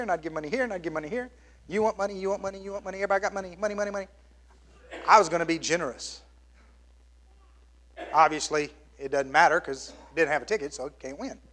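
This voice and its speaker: Middle-aged guy preaching, bright punchy voice, goes loud then drops real quiet. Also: sits high. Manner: dynamic delivery, swinging from loud exclamations to hushed near-whispers. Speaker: pastor. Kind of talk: sermon.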